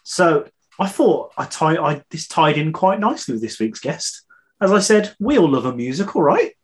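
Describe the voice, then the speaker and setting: A man's voice: on the high side, big pitch swings, normal speed. A man hosting a podcast, chatting casually and reading out listener answers, laughing between lines. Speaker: podcast host.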